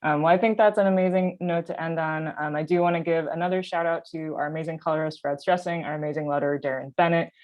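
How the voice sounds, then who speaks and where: A woman's voice: sits low, fairly even intonation, quick pace, few pauses. Woman, panel moderator, bubbly and upbeat, lo-fi remote mic. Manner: upbeat, bubbly, easy laugh.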